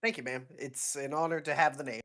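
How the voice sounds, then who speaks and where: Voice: medium pitch, steady tone, a little fast, a bit bright, lightly acted. A player with a sore throat voicing an earnest young male pilot lieutenant in a tabletop role-play, answering with polite, clipped military replies. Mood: dutiful.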